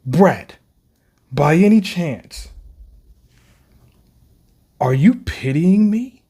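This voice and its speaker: A man reading the lines of an arrogant, cold male demon king from a manga, in a flat, dismissive delivery. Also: fairly high pitch, drawn-out words, breathy edge, pitched above the performer's own voice, exaggerated voice.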